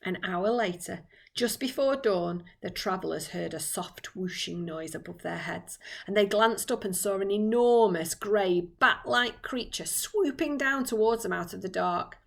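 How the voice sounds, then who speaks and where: A woman's voice: medium pitch, unhurried, vocal fry. A woman teacher reading a children's book aloud with dramatic expression.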